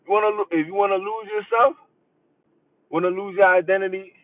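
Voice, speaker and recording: A man with a fairly high voice delivers an emphatic, repetitive live-stream monologue as a podcast host. He sounds tinny and phone-like, a little away from the mic. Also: steady tone, a little fast, long pauses, no echo, recorded from a distance. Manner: emphatic, preachy, repeats phrases.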